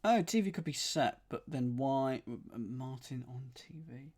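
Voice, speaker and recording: A man working through a crossword live, murmuring each clue back to himself and counting letters on his fingers aloud. His voice sits at an ordinary middle pitch for a man, relaxed and conversational as he reasons it through. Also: measured pace. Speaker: puzzle streamer. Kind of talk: thinking aloud while solving live.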